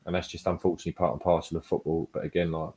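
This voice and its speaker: A man with a very deep voice chats as a guest on a casual fan podcast. His talk is easygoing and rambling. He leans on filler phrases as he goes. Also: flat delivery, very fast, darkish tone, breathy edge. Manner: easygoing, rambling, peppered with "to be fair" and "you know". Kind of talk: casual chat.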